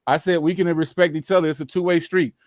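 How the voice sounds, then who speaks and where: A man's voice: fairly high pitch, fairly even intonation, fast talker, no room sound, studio quality. A man from the American South with a Southern accent, talking earnestly on a live-stream panel, repeating himself and swearing at times. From Louisiana, Mississippi. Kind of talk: impassioned casual talk.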